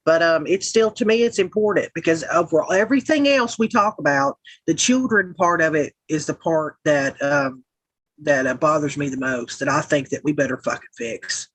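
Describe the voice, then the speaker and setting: A woman's voice: sits low, moderate pace, breathy edge, dry recording, poor audio. A Southern woman hosting a livestream, chatting casually with a rambling, profane manner as she reads out viewer comments. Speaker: livestream host. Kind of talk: casual chat reading live comments.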